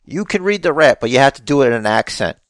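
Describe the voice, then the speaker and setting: Gravelly man, chatty and teasing. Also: mid-range voice, big pitch swings, fast, no room sound. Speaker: podcast co-host. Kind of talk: casual chat.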